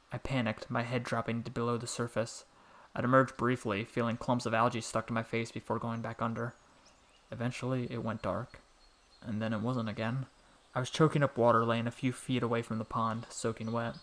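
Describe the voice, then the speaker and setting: Calm, soft-spoken male storyteller. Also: medium pitch. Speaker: narrator. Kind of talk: scripted story narration.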